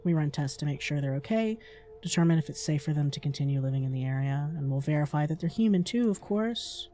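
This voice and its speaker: A woman voicing a calm government field agent with a measured, formal manner. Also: low voice, a little hiss or hum, voice pushed down.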